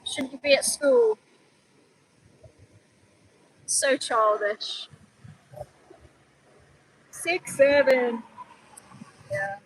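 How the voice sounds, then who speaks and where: A woman with a high, bright voice hosts an outdoor livestream as an animal rights activist. She speaks slowly and earnestly, switching between gentle pleading and firm scolding of her chat. A faint background hiss runs under her voice. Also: sing-song, low-quality recording. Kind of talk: live stream commentary.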